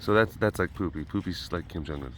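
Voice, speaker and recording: A man's voice: low voice, brisk, background noise. A man hosting his own vlog from an animal facility, telling stories in a rambling, chatty way full of fillers. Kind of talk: casual chat.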